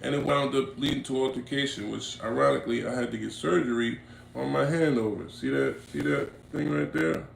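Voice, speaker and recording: A man with a gravelly mid-pitched voice tells a street story to camera, slangy and acting out what people said. He builds to loud, emphatic bursts. The room is echoey with faint noise behind him. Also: brisk. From Inglewood, California. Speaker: vlogger telling a story. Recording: roomy echo, faint background noise.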